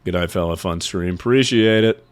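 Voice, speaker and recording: A man with a notably low voice chats loosely to his stream audience, drifting between stories in an unpolished, offhand way. His talk is peppered with casual swearing. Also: moderate pace, smooth. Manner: loose, rambling and profane. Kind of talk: casual livestream chat.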